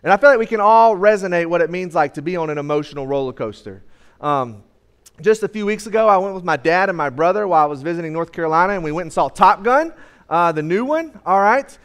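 A young man preaching to a church congregation, his voice pitched noticeably high. He talks loosely and conversationally, with plenty of "uh"s between thoughts. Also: lively intonation, fast, smooth. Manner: casual conversational preaching with many fillers. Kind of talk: sermon. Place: church sanctuary.

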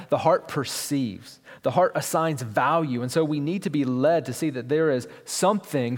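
Man preaching in a reverberant hall. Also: mid-range voice. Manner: conversational, with asides like "right?". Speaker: pastor. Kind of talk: sermon.

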